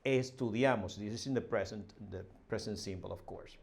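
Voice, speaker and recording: A man's voice: fairly low pitch, a little fast, creaky, a little mellow. A male language teacher explaining a dialogue, reading lines aloud and translating them, with many fillers and restarts. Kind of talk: spoken language lesson.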